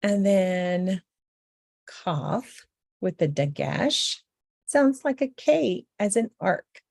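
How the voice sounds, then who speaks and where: A woman's voice: mid-range voice, big pitch swings, drawn-out words, creaky, darkish tone, no echo, clean studio sound. A woman teaching a beginner language lesson, patiently saying each letter sound several times over.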